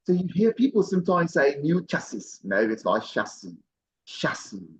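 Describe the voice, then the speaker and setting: A man teaching pronunciation in an online class, encouraging and repeating each word slowly several times. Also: fairly high pitch, very animated, highs cut off, a little hiss or hum. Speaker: pronunciation coach.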